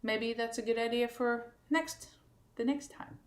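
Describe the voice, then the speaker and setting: A woman singer hosting a casual livestream for her fans, chatting easily, laughing often and filling pauses with ums. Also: fairly high pitch. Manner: relaxed and chatty, laughs often, many fillers. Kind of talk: casual livestream chat reading viewer comments. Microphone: streaming setup at a desk.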